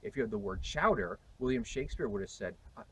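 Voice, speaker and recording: A man's voice: lowish voice, lively intonation, quick pace, husky, low-quality recording. A man with an American accent, a historian explaining emphatically to camera on location outdoors. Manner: emphatic, explanatory, sometimes hesitant.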